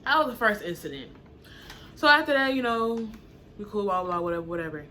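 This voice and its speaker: A young woman casually telling a story to camera, acting out what people said with sudden high jumps in her voice. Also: fairly quick, a little hiss or hum. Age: young adult. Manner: animated, acts out quotes with sudden high pitch jumps. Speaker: storytime vlogger.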